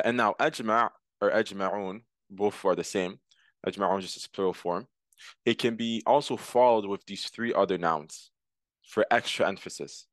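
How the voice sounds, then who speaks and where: Guy with a lower voice teaching grammar, repeats and translates stuff, dry close mic. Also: fairly bright tone, dry recording. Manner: patient, repeats terms and translates each example. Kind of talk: explaining grammar with examples.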